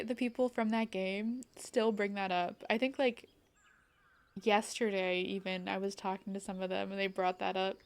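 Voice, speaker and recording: A woman's voice: on the high side, clear, resonant tone. Bubbly young woman streamer chatting. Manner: bubbly, rambling, lots of "like" fillers and laughter. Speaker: game streamer. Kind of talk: casual live-stream chat.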